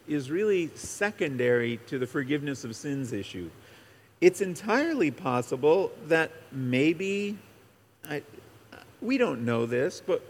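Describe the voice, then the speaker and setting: A man's voice: medium pitch, slight background noise. A man preaching a conversational sermon, explaining a Bible passage in a loose, rambling way with many fillers and restarts. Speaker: pastor or Bible teacher. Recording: long reverb of a large hall.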